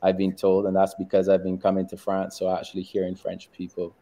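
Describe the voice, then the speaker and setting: A middle-aged man with a Barbadian accent that leans toward a British-American mix, answering interview questions in a measured, reflective way. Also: low-pitched, monotone, warm tone. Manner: measured and reflective, with frequent ums. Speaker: guest, tech entrepreneur. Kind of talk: interview conversation.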